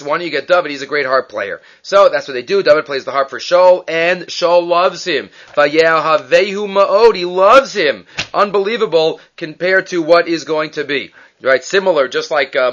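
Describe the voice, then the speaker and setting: A male teacher tells a story to his class in a quick, animated way, often restarting and correcting himself. His voice is slightly high, and the recording sounds dull and lo-fi. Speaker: Torah teacher. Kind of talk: lively storytelling lecture.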